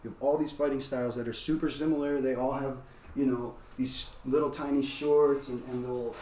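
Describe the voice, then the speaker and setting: Man guest, casual animated storyteller, roomy far-off mic, faint hiss behind. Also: medium pitch, fairly quick. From United States. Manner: loose and animated, frequent "like" fillers. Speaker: guest, martial arts practitioner. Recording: roomy, distant mic, faint background noise.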